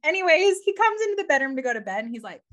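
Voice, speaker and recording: A woman co-hosting a casual podcast chat, animated and laughing often, with many "like" fillers. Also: sits high, very fast. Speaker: podcast co-host.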